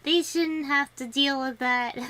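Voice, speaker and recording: A woman's voice: sits high, a little slow, pushed and bright. A young woman streaming to viewers and chatting casually, laughing often and rambling with many restarts. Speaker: vtuber streamer.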